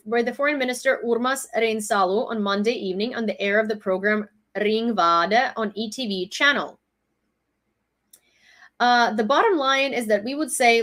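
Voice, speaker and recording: A woman's voice: on the high side, fairly bright tone. Woman giving news with heated commentary. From Ukraine. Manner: reads headlines, then rants with exasperation. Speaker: news vlogger. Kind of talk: casual news summary with commentary.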